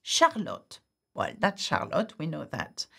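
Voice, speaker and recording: A woman's voice: low-pitched, wildly swooping pitch, slow pace, creaky, sharp tone, breathy edge. A woman teaching a French grammar lesson, patiently explaining step by step and often checking in with "okay?". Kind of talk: online language lesson.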